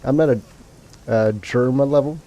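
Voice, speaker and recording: A man's voice: medium pitch, moderate pace, dark tone, muffled recording. A man streaming a video game, chatting casually to his viewers and rambling with fillers and restarts. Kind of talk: casual let's-play commentary.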